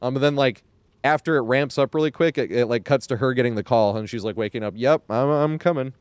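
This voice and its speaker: A man streaming games and chatting casually, rambling with lots of fillers and quick laughs. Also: medium pitch, fairly even intonation, clear, resonant tone, no echo. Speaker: game streamer. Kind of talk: casual live-stream chat.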